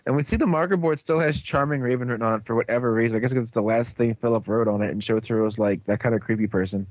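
In a casual chat, a man talks fast in a medium-pitched voice, recapping a TV episode in a rambling way and voicing characters' lines along the way. No echo is present, though the high frequencies are cut off.

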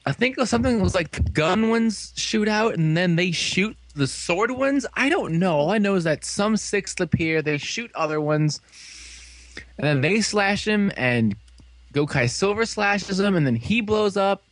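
A man chatting through an episode recap with a lively, bouncing delivery that swoops up and down. His voice sits a touch high for a man and sounds dry and close, with no room around it. He tells the story casually, full of fillers and quick bits of acted dialogue. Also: dry recording. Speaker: fan reviewer recapping an episode. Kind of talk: casual recap chat with friends.

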